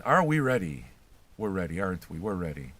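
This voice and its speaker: An older man hosting a record-reaction show, ranting casually and crudely and mocking people as he shouts. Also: deep voice, big pitch swings, fairly quick. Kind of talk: casual profane rant.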